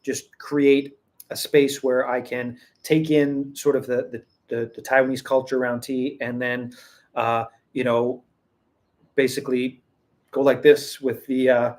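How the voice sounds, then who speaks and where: Speaking at a measured pace in a level, slightly mellow medium-pitched voice, a man from the West talks casually to viewers of his own tea channel, where he sells tea. He rambles, chuckles, and keeps restarting his sentences.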